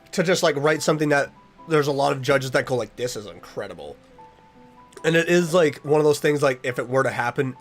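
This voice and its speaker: A young man streaming a casual chat with his viewers, earnest and rambling as he reads their messages aloud. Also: a little high.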